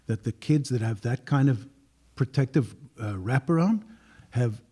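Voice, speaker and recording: A man talks as a panel guest in an easy conversational way. His voice is husky and dark, with a mellow, unhurried delivery. He pauses now and then to clear his throat. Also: mid-range voice, animated. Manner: measured, clears throat often. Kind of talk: casual panel discussion.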